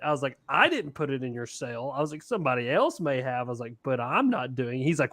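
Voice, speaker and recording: A man's voice: medium pitch, quick pace, hardly any pauses, dry recording, clean studio sound. A man telling a fishing story in a casual podcast chat, laughing and acting out what people said. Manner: animated, laughing, acts out quotes.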